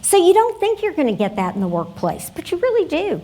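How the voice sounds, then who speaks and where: A conference presenter with a very high-pitched, mellow voice whose pitch swoops wildly speaks briskly during a workshop talk. She is conversational and tells stories straight to the audience.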